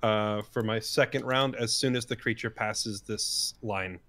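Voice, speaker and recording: A man's voice: on the low side, steady tone, unhurried, a bit bright. A man playing a tabletop game, talking casually and often laughing as he plays. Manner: laughing, chatty. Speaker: player.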